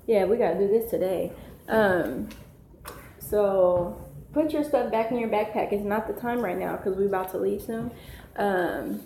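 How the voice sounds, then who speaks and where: Gravelly-voiced woman chatting on a live stream. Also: medium pitch, a little slow, mellow. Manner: slangy, rambling, easily sidetracked. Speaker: live-stream host, mother. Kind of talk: casual live-stream chat, reading comments aloud. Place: home, with children nearby. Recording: echoey room with faint noise.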